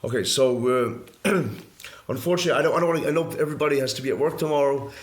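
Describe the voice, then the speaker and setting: A man's voice: medium pitch, quick pace. A man, a rabbi, teaching a live class in an indoor room, explaining earnestly and emphatically and repeating key phrases. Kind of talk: religious study lecture to a live class. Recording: echoey room.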